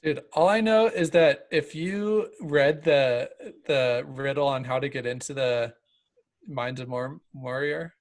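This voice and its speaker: A man's voice: mid-range voice, fairly even intonation, measured pace. A man co-hosting a podcast, chatting loosely about a book, with a lot of "like" and "dude". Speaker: podcast co-host. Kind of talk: casual book discussion.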